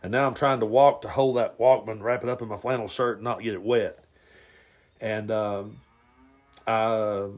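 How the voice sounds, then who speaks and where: A man hosting his own podcast, telling a story from his youth in a relaxed, rambling way with plenty of fillers, recorded at home. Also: lowish voice. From Tennessee. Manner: rambling, laid-back, lots of fillers. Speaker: podcast host. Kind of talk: casual storytelling monologue. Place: home, near the garage.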